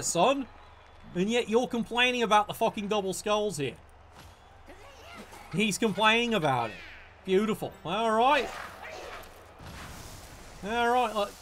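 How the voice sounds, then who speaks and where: Male streamer, high-pitched, exasperated sarcastic game commentary, lots of swearing. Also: a bit bright, a little hiss or hum. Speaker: gaming streamer. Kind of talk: ranting live game commentary.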